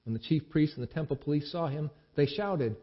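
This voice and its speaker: A man giving a dramatic scripture reading, expressive, with the quoted speech acted out. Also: a little high, fairly quick. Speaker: scripture reader. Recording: dull lo-fi recording.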